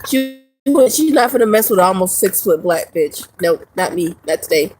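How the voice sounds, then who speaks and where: A woman's voice: fairly low pitch, lively intonation, moderate pace, darkish tone, a little hiss or hum, poor audio. A woman vlogger ranting casually to her viewers, profane and rambling, laughing often. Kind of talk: casual rant to camera.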